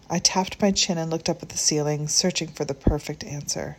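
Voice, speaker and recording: A woman reading a short story aloud in a gentle, measured way. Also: deep voice, steady tone, gravelly, breathy edge. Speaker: audiobook narrator.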